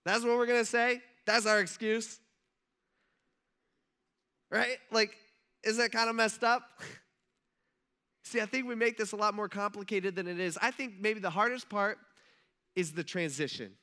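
Casual male preacher, bright tone, conversational and loose, leans on "like" a lot. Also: sits high, fairly even intonation, measured pace, long pauses. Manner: conversational, filler-heavy, often says "like"; acts out imagined dialogues. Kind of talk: casual sermon.

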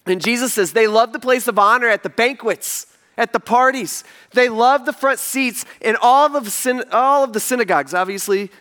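A very high-pitched male voice, moving at normal speed, belongs to a pastor sermonizing before his congregation on the church stage. He narrates stories with animation, slipping in humor and asides to the audience.

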